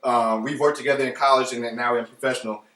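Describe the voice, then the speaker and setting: Animated man, bright echoey sports talk. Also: medium pitch, quick pace, distant mic. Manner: animated, playful, addresses listeners as folks. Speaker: podcast host. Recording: roomy echo, voice from off the mic.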